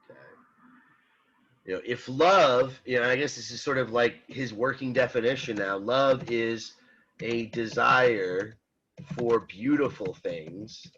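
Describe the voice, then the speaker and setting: A man teaching an online philosophy class, talking in halting restarts and often checking in with "right?". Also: mid-range voice, fairly bright tone, husky, dull audio. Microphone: computer mic on a video call.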